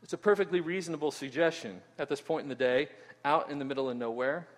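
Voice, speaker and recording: High-voiced preacher in an echoing hall. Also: male voice, quick pace. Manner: animated, keeps asking "right?", stumbles and repeats words. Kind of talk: expository sermon. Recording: long hall reverb.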